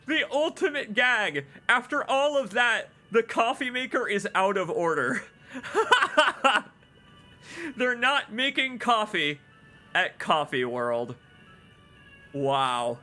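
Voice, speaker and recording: A man casually commenting on a video game as he plays. He reads the in-game notes aloud and bursts into loud, exclaiming laughs at the jokes. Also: high voice. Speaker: streamer playing a video game. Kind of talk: casual let's-play commentary.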